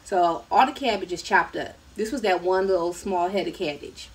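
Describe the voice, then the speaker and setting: A woman's voice: fairly low pitch, moderate pace. A woman hosting a casual cooking live stream from her home kitchen, chatting and laughing with her viewers as she cooks. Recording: live-stream audio from a distance, noisy.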